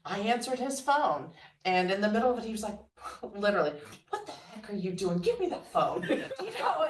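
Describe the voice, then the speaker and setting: A woman guest telling stories in a relaxed interview, acting out what others said, often with a laugh. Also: medium pitch. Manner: animated storyteller, quotes others with laughs. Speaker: guest entrepreneur. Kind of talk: conversational storytelling. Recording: roomy sound, mic at a distance.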